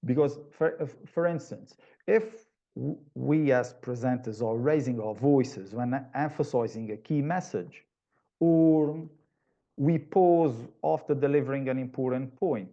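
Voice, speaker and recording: Gravelly-voiced man presenting online. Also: medium pitch, unhurried, dark tone, dull audio. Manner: explanatory, with frequent restarts. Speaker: webinar presenter.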